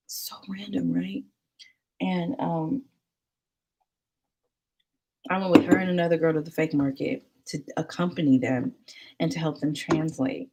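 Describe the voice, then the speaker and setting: Talking to camera, a young woman vlogger spins a casual, rambling story, getting animated and breaking into high, excited squeals.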